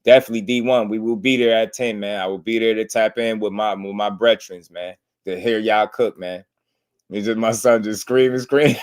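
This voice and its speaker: A man's voice: on the low side, steady tone, a little fast. Slangy man hosting a boxing livestream. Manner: loose and talkative, slangy. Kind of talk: casual livestream chat.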